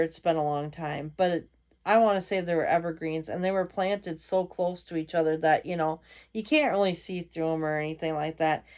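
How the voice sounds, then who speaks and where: A woman's voice: on the low side, a little mellow. A woman vlogger telling a ghost story in a casual, rambling way, full of fillers and self-corrections. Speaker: vlogger host.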